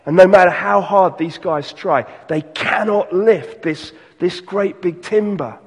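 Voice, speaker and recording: A pastor giving an earnest sermon, slowing and softening on key lines. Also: male voice, sits high, slightly rough, long reverb tail.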